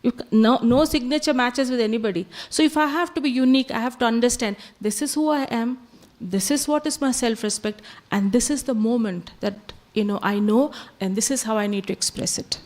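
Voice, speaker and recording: A woman's voice: on the high side, a little fast, darkish tone. A woman, giving a spiritual talk full of chatty stories and dropping Hindi phrases into her English. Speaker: spiritual speaker. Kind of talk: storytelling talk.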